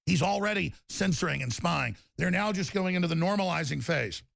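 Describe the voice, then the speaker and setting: A gravelly, fry-heavy man rants through a talk-radio monologue, his voice sitting a little high for a man. The sound is dry and close, with no room around it. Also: lively intonation, fairly quick, fairly bright tone, dry recording. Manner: ranting, mocks opponents in put-on voices.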